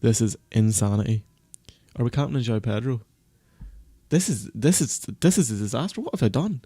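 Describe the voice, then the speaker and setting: A man streaming live, talking in a gravelly voice at an ordinary pitch. He frets aloud, berates himself and swears now and then. The sound is close and dry. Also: lively intonation, a little fast, mellow, no room sound. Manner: panicky, self-berating, swears. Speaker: fantasy football streamer. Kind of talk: casual live-stream chat.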